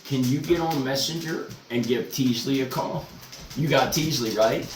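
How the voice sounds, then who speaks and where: A man's voice: mid-range voice, normal speed, a crowd in the background. A man in his forties hosting a podcast and telling loose, profane stories in casual chat, recorded on a phone. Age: 40s. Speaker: podcast host. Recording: roomy, distant mic with background noise.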